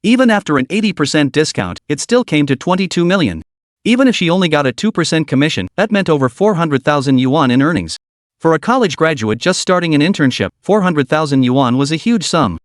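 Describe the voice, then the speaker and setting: Lively male recap narrator, dry close mic. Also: fairly high pitch, a little fast, no room sound. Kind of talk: scripted story narration.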